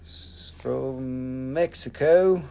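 A man's voice: mid-range voice, extremely slow, gravelly, warm tone. A middle-aged man hosting a live rock and mineral sale, chatting casually in a profane, rambling way. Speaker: host selling rocks and minerals on a livestream. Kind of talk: casual live sales chat. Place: family-owned rock and mineral shop.

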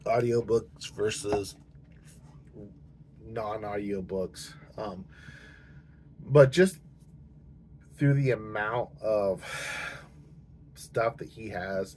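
A man's voice: lowish voice, slow pace, pauses often, darkish tone, slight background noise. A man hosting a book channel, talking casually to camera in a rambling, hesitant way with many fillers and restarts, and he has the hiccups.

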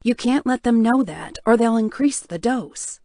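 A woman's voice: a little high, lively intonation, measured pace, warm tone, no room sound, clean studio sound. A woman voicing a stubborn, caring young woman who tends a wounded patient in an audiobook, firm and reassuring. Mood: insistent. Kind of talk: audiobook character voice.

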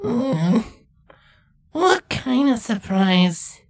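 A man voicing a sleepy, whiny young male changeling nymph in a storybook reading, halting and stumbling over words. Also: very high-pitched, big pitch swings, pitched above the performer's own voice, exaggerated voice. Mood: whiny groggy. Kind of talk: fanfiction reading.

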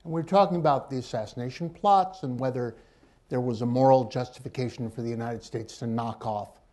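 On a panel discussion, an author and journalist makes emphatic points, leaning on rhetorical questions and wry asides. His medium-pitched voice is warm and fairly quick.

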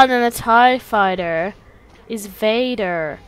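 A woman's voice: on the high side, lively intonation, a little slow, fairly bright tone, no echo. A young woman giving casual, sweary, joking commentary while playing a video game. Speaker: let's play host.

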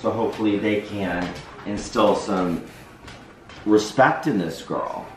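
A man with a low voice recounting an anecdote, animated and laughing through it. The room rings with echo, and there is faint noise in the background. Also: slow pace. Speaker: vlogger's partner. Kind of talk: casual storytelling.

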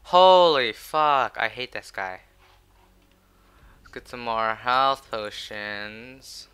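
Man, raging gameplay commentary, heavy swearing, very bright sharp voice, smooth and crisp. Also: fairly low pitch, steady tone, very slow. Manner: profane, swings from muttering to shouting taunts. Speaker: gamer commentating his own match.

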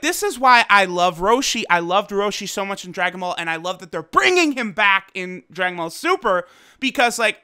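Male reviewer, casual and excitable; high, crisp voice. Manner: excitable, loose slang, lots of fillers. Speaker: anime episode reviewer. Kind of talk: casual commentary.

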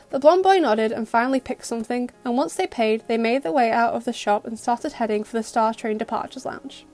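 A woman narrating an audio story in a steady, expressive reading voice. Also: on the high side, fairly quick, few pauses, faint music behind.

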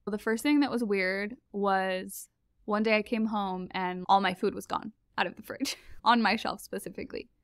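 A woman telling a personal story as a podcast guest, chatty and animated and laughing often. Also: mid-range voice, moderate pace, clear, resonant tone, no room sound, studio quality. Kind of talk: casual storytelling.

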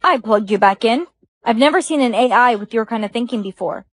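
A cautious young man, as a woman acts him out, who explains things plainly and matter-of-factly. The voice sits high and sounds dry and close, with no room around it, as in a short online POV skit. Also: fairly quick, no echo, lightly acted. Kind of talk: TikTok POV skit acting.

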